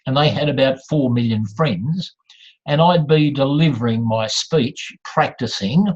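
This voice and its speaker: A man's voice: mid-range voice, husky. An older man with an Australian accent, a professional speaker giving a blunt, humorous talk to an audience and playing with pace and emphasis. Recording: dull lo-fi recording.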